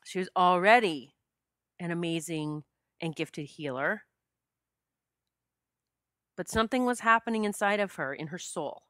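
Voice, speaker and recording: A woman's voice: lowish voice, measured pace, long pauses, fairly bright tone, dry recording, studio quality. A middle-aged woman hosting a podcast, telling a personal spiritual story with heartfelt emotion that chokes her up. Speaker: podcast host.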